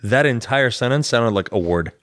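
A man co-hosting a podcast in a casual chat, cracking quick jokes and swearing freely. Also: mid-range voice, lively intonation, a bit bright, dry recording, clean studio sound. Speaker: podcast co-host.

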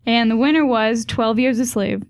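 A woman's voice: a little high, moderate pace, no room sound. A woman co-hosting a live podcast, laughing easily while reading nominees. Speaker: podcast co-host. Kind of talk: casual chat at a live awards show.

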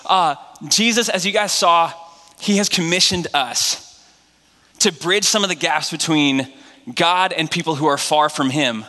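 A man's voice: a little high, measured pace, bright, forceful tone. A man with a New England accent preaching as a guest pastor in a church, casual and joking, full of fillers. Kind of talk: sermon. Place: church sanctuary. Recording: long hall reverb.

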